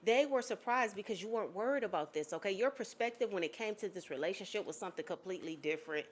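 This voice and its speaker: A woman's voice: medium pitch, lively intonation, fast. A woman giving a spiritual reading to an unseen viewer, emphatic and blunt, swearing casually and checking in again and again with "okay?". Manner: emphatic, keeps checking in with "okay?" and "all right?". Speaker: psychic reader.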